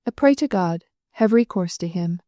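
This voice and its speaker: A woman voicing a kindly, weary little old priest who speaks rapidly without pause, in an audiobook. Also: lowish voice, lively intonation, mellow, no echo, clean studio sound, close to an everyday voice. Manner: rapid, habitual, unbroken delivery.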